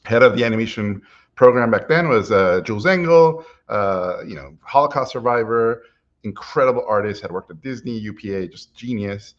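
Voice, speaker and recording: A middle-aged man telling a personal story in a lively way, acting out what people said to him, with frequent "uh"s. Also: on the low side, normal speed, highs cut off. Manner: lively anecdotal, acts out quotes, frequent "uh". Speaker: animation guest speaker.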